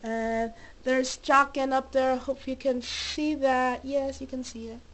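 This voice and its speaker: Young woman vlogging in her bedroom, high bubbly voice, kinda breathless, slow-talking, faint hiss. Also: fairly even intonation, a bit bright, rough recording. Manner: bubbly, gushing, with little cheers. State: a little out of breath and sick. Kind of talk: casual show-and-tell vlog. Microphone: camera mic, moving handheld.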